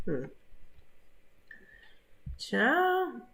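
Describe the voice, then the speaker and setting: A woman's voice: on the low side, very animated. Chatty woman hosting a live stream. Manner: chatty, talks to viewers in the chat by name; drawn-out exclamations and asides. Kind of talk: casual live-stream gossip commentary.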